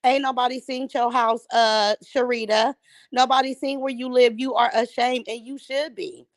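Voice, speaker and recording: A woman's voice: fairly high pitch, fairly even intonation, normal speed, no echo. Trash-talking woman livestream host. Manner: greets viewers by name, trash-talking. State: voice sounds strained. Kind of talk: casual livestream chat.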